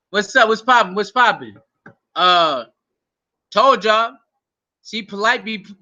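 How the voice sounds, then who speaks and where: Bright-voiced excitable male commentator. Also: high-pitched. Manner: excitable, profane, slangy. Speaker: channel host. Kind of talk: reaction commentary.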